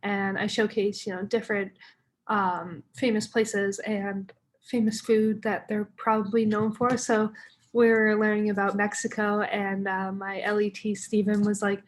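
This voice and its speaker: A woman's voice: medium pitch, level tone, normal speed. Chatty young woman teacher vlogging. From United States. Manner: chatty, many fillers, laughs often. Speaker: English teacher. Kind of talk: casual vlog narration.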